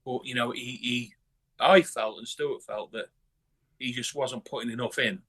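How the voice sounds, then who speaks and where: Blunt, bright, husky-voiced man from northern England. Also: medium pitch, steady tone, normal speed. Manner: blunt, heavy swearing, many restarts. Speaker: guest musician. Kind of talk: casual interview chat.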